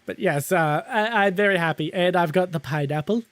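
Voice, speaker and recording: A man's voice: high voice, fairly quick, fairly bright tone, no room sound. A man streaming live who chats casually, laughs often and swears freely as he talks to viewers. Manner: giggly and chatty, swears casually.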